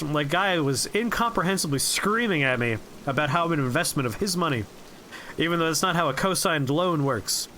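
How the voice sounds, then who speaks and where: A man streaming a game, rambling through profane, relaxed anecdotes as he plays. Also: fairly high pitch, a little fast, a little hiss or hum. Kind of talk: casual gameplay commentary and storytelling.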